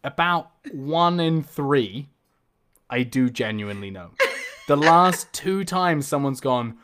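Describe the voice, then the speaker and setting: A man's voice: medium pitch, animated, slow pace, noisy background. Chatty New Zealand man interviewing. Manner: chatty, amused, casual swearing. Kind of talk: casual interview chat.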